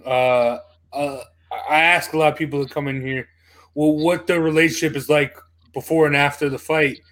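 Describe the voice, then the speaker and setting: A man with a slightly high voice hosts a casual podcast. He asks friendly questions, stumbling through fillers. He wraps up the show warmly. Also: steady tone, moderate pace. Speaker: podcast host.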